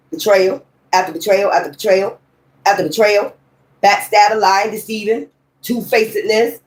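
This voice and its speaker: Fifties woman, tarot reader, heated and foul-mouthed, mid-range voice. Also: medium pitch. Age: 50s. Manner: blunt, profane, heated. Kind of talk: tarot reading with ranting commentary.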